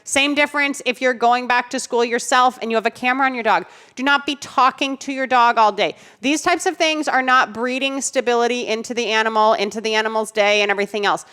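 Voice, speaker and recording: A woman's voice: a little high, steady tone, brisk, few pauses, pushed and bright, clean tone. A woman co-hosting a podcast, giving firm, emphatic advice in a casual chat full of "you know"s. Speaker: podcast co-host, dog trainer.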